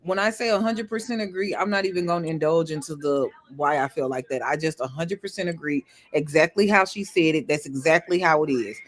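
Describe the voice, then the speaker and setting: A man with a noticeably high voice and co-hosts a casual podcast. He is animated and jokey, laughing easily between points. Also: brisk, hardly any pauses. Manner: animated, joking, laughs often. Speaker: podcast co-host. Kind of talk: casual chat.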